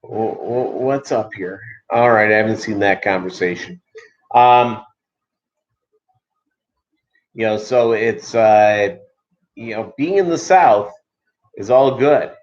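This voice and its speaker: A man's voice: fairly low pitch, measured pace. Male streamer from Minnesota, casual and meandering, lots of "uh", dull lo-fi recording. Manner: rambling, many filler ums and uhs. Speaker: livestream host. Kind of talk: casual livestream chat.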